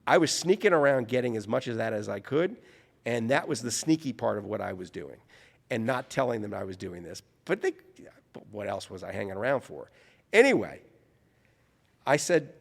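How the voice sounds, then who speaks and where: Animated male storyteller in a reverberant room. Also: medium pitch, normal speed, vocal fry. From New Orleans, US. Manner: animated, self-correcting storyteller. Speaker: author and interview guest. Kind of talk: anecdotal storytelling in conversation.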